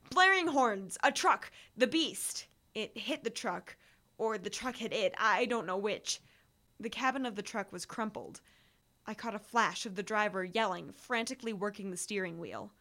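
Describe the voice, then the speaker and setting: A woman's voice: medium pitch, fairly bright tone. A woman reading a first-person story aloud, building to breathless urgency in the action. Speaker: audiobook narrator.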